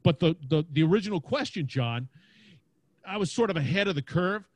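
An energetic man with a big booming voice, chatting casually in a podcast interview and laughing often. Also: a little fast, no room sound. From Louisiana, United States. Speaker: podcast host and guest. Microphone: podcast mic.

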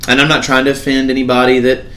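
A man's voice: mid-range voice, completely flat delivery, fast, pushed and bright. An older man holds forth in a casual podcast chat, blunt and heavy on profanity. His voice sits mid-range, and the room carries a noticeable echo with faint background noise. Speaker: podcast co-host.

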